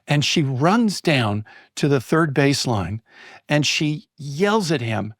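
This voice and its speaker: A middle-aged man telling a personal anecdote as a guest on a podcast interview, building excitement as he goes. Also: medium pitch, measured pace, no echo, clean studio sound. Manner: lively storyteller, building excitement. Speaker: guest speaker on storytelling.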